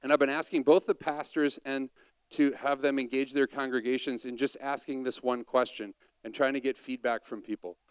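A man's voice: medium pitch, level tone, normal speed, clear, resonant tone, no room sound. A man preaching a conversational sermon and asking the audience questions.

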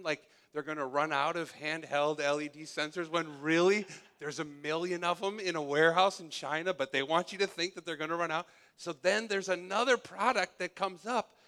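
A man's voice: on the high side, sharp tone. A male pastor preaching a sermon, playful and sarcastic as he speaks to his congregation in a church hall.

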